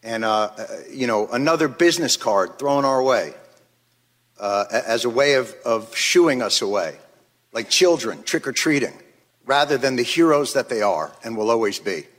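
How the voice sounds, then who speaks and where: A male witness gives impassioned, prepared testimony at a congressional hearing, angry and emphatic. His mid-range voice is expressive and a bit bright at normal speed, with the long reverb of a large hearing room behind it.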